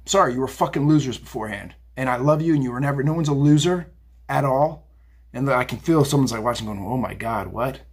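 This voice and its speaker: Tarot reader, male, husky, mid-pitched; blunt, profane, fired-up rambling. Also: fast talker, darkish tone. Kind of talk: casual profane psychic rant. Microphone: phone video.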